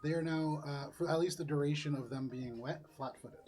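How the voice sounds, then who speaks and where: A man's voice: fairly high pitch, steady tone, fairly quick, a little mellow. A young man narrating a tabletop game as game master, easygoing and descriptive, with many fillers.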